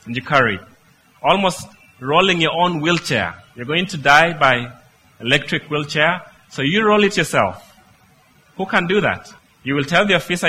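A male preacher delivers a sermon in a bright, forceful voice set a little high for a man. He speaks with emphasis and keeps asking his listeners rhetorical questions. Faint background noise sits beneath his voice. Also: lively intonation, normal speed, rough recording.

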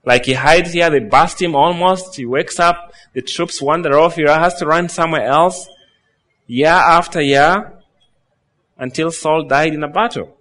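Man, preacher, sermon, higher-pitched voice, reads scripture then retells with quoted lines. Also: a little slow, a bit bright.

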